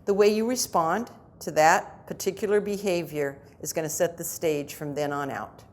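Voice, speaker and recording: A middle-aged woman giving a conversational lecture to parents at a conference, with lively asides to the audience. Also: fairly low pitch, moderate pace. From United States. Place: conference hall.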